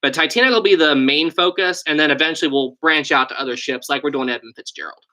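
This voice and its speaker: A man's voice: on the high side, fast talker, sharp tone. A young man with a West Virginian accent, hosting a casual live stream and chatting through viewer questions. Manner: chatty, reads and answers viewer questions, thinks aloud. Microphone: desk USB microphone.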